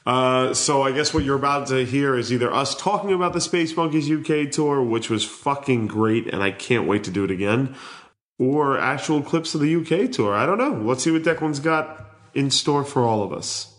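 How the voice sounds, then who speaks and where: Brief: male podcast host, mid pitch, loose and joking. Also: lively intonation, moderate pace. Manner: rambling, joking intro. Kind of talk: casual chat.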